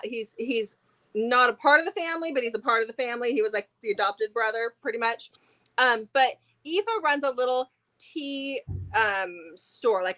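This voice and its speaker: A woman's voice: a little high, bright, forceful tone. A woman co-hosting a casual book review chat, enthusiastic and chatty, with plenty of fillers.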